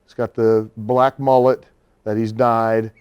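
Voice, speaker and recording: A middle-aged man, a wrestler, telling a long anecdote in a casual interview, animated and laughing often. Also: lowish voice, takes it slowly, clear, resonant tone, dull audio.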